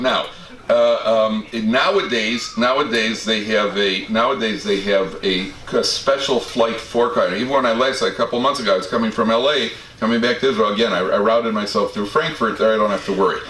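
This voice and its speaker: A man's voice: fairly low pitch, fairly bright tone, slight background noise. A male rabbi telling humorous personal stories to an audience, with self-deprecating jokes and frequent stammered restarts. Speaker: rabbi and lecturer. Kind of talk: storytelling talk to an audience. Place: community study hall. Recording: roomy hall from a distance, faint background ambience.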